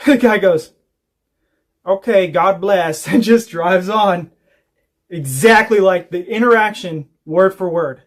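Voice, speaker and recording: A man's voice: high voice, a little slow. A man, telling rambling, profane stories while chatting on a casual homestead livestream. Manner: rambling, profane storytelling with laughs. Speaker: homestead vlogger.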